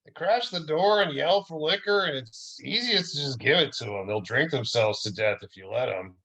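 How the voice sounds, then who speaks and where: A man doing a weary, high-voiced club owner. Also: expressive, moderate pace, pushed and bright, slightly rough, exaggerated voice, low-quality recording. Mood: deadpan. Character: weary unfazed nightclub owner.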